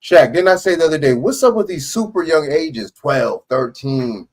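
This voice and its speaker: A man's voice: fairly high pitch, animated, moderate pace. A man hosting a live stream, reacting to a news clip in rambling, profane casual chat full of questions.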